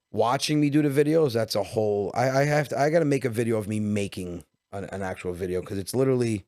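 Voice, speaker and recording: A man from New York, a comedian guest telling stories on a podcast, animated and jumping into voices. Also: lowish voice, no room sound, clean studio sound. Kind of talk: casual podcast storytelling.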